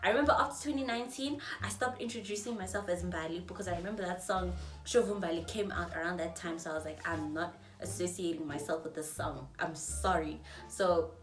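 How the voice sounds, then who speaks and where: A woman in her twenties with a South African accent, telling a storytime on her vlog in a chatty, animated way and acting out the people in it. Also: fairly low pitch, fairly quick, reverberant, recorded from a distance, faint music behind. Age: 20s. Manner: animated, chatty, acts out dialogue in shifting voices. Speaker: vlogger.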